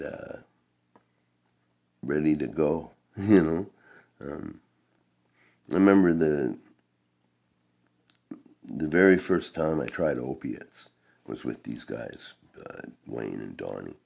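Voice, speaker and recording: A man's voice: very deep voice, vocal fry, a little mellow, slightly rough. A middle-aged man telling a long-winded, profane personal story in a laid-back, rambling way. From Canada.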